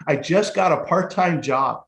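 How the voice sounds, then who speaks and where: A man in a relaxed podcast chat tells his story with lively candor and the odd curse word. His voice sits a little high, and the recording carries a noticeable room echo. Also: measured pace. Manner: lively and candid, casual swearing. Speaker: guest, motivational speaker and life coach. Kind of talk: storytelling in a casual podcast interview.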